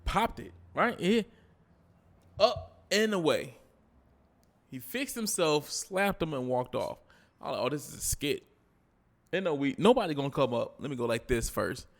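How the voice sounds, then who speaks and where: A man co-hosts a loose podcast chat and tells a story with a lively, swooping delivery. His voice has a gravelly edge, and he acts out each quote as he goes. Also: a little high, normal speed, long pauses. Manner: animated storytelling, acting out quotes. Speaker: podcast co-host. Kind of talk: casual chat.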